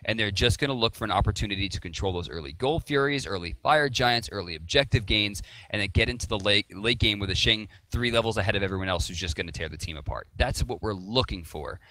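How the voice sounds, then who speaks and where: A man's voice: fairly low pitch, quick pace, few pauses, sharp tone. A man casting an esports match, confident and analytical, with playful exaggerations. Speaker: esports caster. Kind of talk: analytical commentary.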